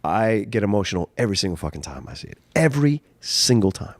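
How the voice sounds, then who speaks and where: A man co-hosting a film podcast, reacting fast and swearing freely in casual talk. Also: on the low side, sing-song. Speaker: podcast co-host.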